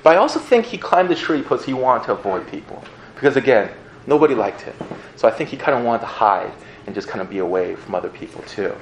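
A man preaching a sermon in a casual, animated storytelling manner, often laughing as he talks. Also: medium pitch, fast, a little hiss or hum. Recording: roomy echo, faint ambience.

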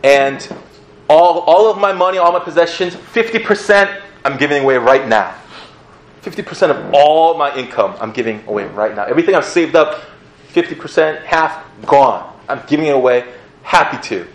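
A short, wealthy man bursting with eager repentance, as a preacher puts him on. His voice climbs high and fast. It rings in a roomy space. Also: animated, slight background noise, lightly acted. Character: penitent rich short man, eager to repay. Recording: roomy echo.

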